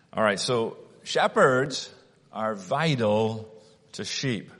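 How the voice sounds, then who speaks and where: A man preaching a sermon at an unhurried, deliberate pace, with some restarts. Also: on the low side, expressive, fairly bright tone, long reverb tail.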